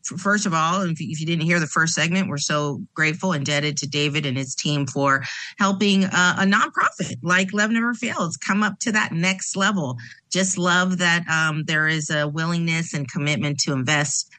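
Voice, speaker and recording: A woman's voice: low-pitched, moderate pace, bright, forceful tone, no echo. A woman hosting a talk radio show, who welcomes listeners, thanks her guest and asks him questions with many small fillers. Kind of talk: radio interview.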